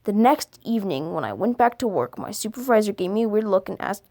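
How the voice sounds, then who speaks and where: Woman reading creepy stories out loud, trips over words and fixes them as she goes. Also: medium pitch, animated. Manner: halting reading with stumbles and self-corrections. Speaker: video creator. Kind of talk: reading scary stories aloud.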